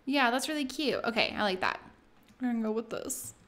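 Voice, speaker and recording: A woman hosting a let's play, chatting excitedly through casual gameplay commentary with lots of "like". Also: fairly high pitch, fairly quick.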